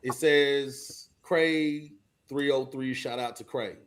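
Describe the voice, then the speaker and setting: A man's voice: mid-range voice, steady tone, takes it slowly, a little hiss or hum. A man co-hosting a live podcast who laughs often and stammers in casual chat.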